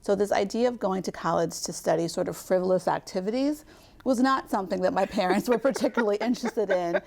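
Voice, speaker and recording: A woman in her fifties from Kentucky with a light Southern drawl, speaking as a guest in a TV studio interview in a measured, reflective way. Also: medium pitch, creaky, a little mellow. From Louisville, Kentucky. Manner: measured, reflective, with frequent "um" pauses. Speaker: guest, nonprofit chief executive.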